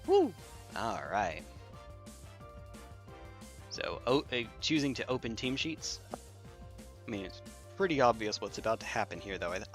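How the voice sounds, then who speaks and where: A man's voice: mid-range voice, fairly bright tone. A man streaming online battles, joking and thinking aloud in casual commentary with lots of repeats.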